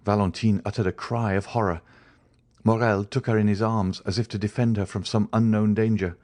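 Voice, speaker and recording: A man narrating a classic novel as an audiobook in a measured, even reading. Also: fairly low pitch, dry recording. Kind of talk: scripted narration.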